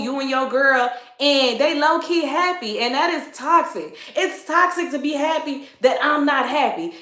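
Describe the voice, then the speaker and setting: A Southern woman in her thirties chats animatedly on a livestream, her voice bright and a touch high. Her talk is loose and playful, full of laughter. The sound carries the echo of a hard-walled room. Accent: Southern American. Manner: chatty, animated, greets viewers, laughs often. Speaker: livestream advice host. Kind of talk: casual livestream chat. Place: indoor room, seated.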